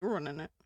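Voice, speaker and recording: A young woman streams late at night from a room at home, chatting casually with viewers while she draws, swearing freely and laughing often. Her voice is fairly high and warm. There's no room sound, though the recording is muffled.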